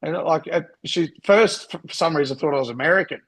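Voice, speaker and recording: A man's voice: fairly high pitch, a little fast, fairly bright tone, husky, low-quality recording. An Australian man telling laid-back, sweary stories in casual podcast chat with fellow bodybuilders. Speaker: podcast co-host, pro bodybuilder.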